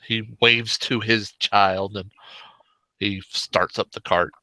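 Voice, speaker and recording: Slow, bright-voiced male game master. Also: lowish voice, dry recording. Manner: relaxed, meandering descriptive narration. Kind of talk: narrating a tabletop game.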